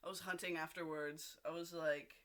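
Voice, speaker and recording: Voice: mid-range voice, flat delivery, moderate pace, a bit bright. A vlogger in a casual video diary, rambling and gushing, with frequent restarts and casual swearing, seated at home.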